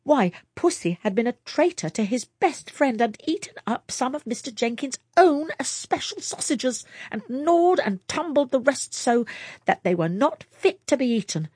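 A woman narrating a story aloud in a lively storytelling manner. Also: high-pitched, moderate pace, breathy edge, no echo, studio quality. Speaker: audiobook reader. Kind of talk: scripted narration.

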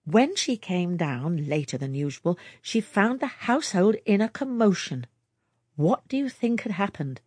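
A woman narrating a story aloud in a lively storytelling manner. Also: fairly low pitch, normal speed, breathy edge, no echo, studio quality. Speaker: audiobook reader. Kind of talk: scripted narration.

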